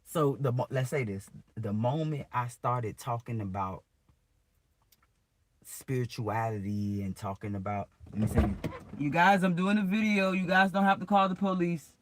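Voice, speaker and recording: A man's voice: mid-range voice, normal speed, no echo. A man ranting in a preachy, profane way on a live video, recorded on his phone outdoors on a street. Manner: preachy, profane, agitated rant. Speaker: vlogger.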